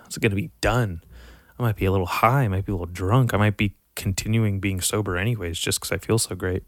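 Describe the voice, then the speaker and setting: A young man with a low voice rants about his picks in loose, profane bursts, sighing between thoughts. The sound is dry and close, with no room around it. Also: fast talker, dry recording. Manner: profane, animated, rambling with frequent sighs. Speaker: vlogger reviewing horror movies. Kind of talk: casual rant to camera.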